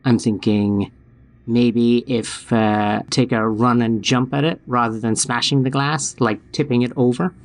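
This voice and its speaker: Male tabletop role-play player, mid-pitched, hesitant, plans aloud with fillers. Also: fairly even intonation, measured pace. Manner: hesitant, many fillers while planning.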